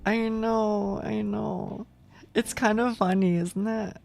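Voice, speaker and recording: A woman's voice: medium pitch, fairly even intonation, takes it slowly, gravelly, a little mellow, soft background music. A young woman streaming, chatting casually with viewers, rambling and swearing with frequent laughs.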